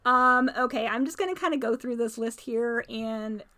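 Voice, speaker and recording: A woman with a slightly high voice co-hosts a relaxed podcast chat. She laughs often and sounds fussy about the grammar slips she lists. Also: moderate pace. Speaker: podcast co-host. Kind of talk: casual chat.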